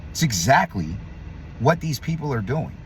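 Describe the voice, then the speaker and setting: Here a male vlogger fires off a blunt, heated opinion piece on camera, swearing and picking fights, his delivery veering between loud emphasis and low grumbling. His pitch swings widely at a moderate pace, with slight noise in the background.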